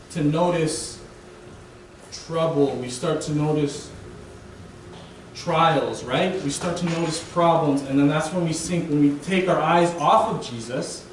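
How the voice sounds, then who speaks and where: A young guest preacher gives a relaxed, conversational sermon in a church sanctuary, often pausing to ask "right?". His voice sits a bit high for a man and is picked up from a distance in a booming, echoey hall over a faint hiss.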